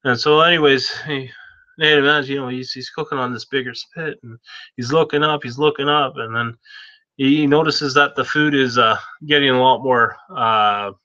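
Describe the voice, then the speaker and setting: A man's voice: medium pitch, fairly even intonation, moderate pace, pushed and bright, no room sound. A man telling a story in a casual, rambling way, with many restarts, on a dull lo-fi recording.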